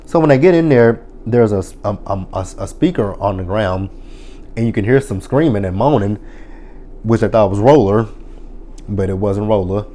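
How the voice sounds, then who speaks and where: A man giving a casual, chatty recap of a TV episode, swearing freely and filling pauses with "um" and "you know". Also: lowish voice, lively intonation, mellow, slight background noise. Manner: profane, chatty retelling with many fillers. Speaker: TV episode reviewer.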